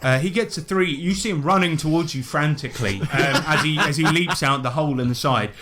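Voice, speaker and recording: A man's voice: on the high side, a little fast, noisy background. A man narrating as game master in a casual way, often laughing as he describes the action.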